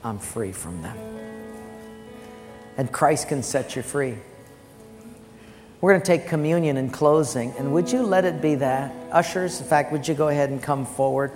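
A man preaching as a pastor, telling personal stories in an animated way and loudly acting out the voices in them. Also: medium pitch, normal speed, long pauses. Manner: animated storytelling with loud acted quotes. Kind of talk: sermon. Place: church sanctuary. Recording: long church-hall reverb, faint music.

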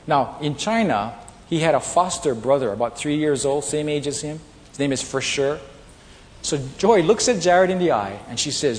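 A man preaching a sermon, telling personal stories with animated delivery and acting out the voices of people in them. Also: fairly high pitch, moderate pace, a little hiss or hum. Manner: animated storytelling, acts out quoted voices. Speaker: pastor. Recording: long reverb in a large hall, faint ambience.

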